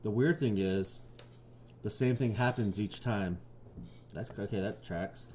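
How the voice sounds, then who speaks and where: A man's voice: fairly low pitch, unhurried, a little mellow, a little hiss or hum. A man co-hosting a podcast, joking crudely and reading stories aloud. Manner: crude, joking, laughs a lot. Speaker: podcast co-host.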